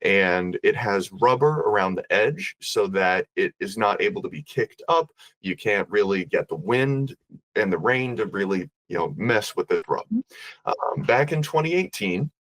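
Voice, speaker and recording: A man telling a ghost story as a podcast guest, animated and acting out the voices of the people in it. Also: lowish voice, unhurried.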